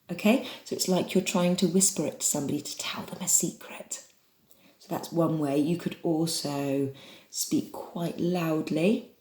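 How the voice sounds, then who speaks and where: A woman's voice: low-pitched, fairly even intonation, a little slow, a little mellow. English woman, drama teacher, encouraging and chatty, echoey home recording. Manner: encouraging, chatty, demonstrates voices. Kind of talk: online drama lesson for children. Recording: echoey room.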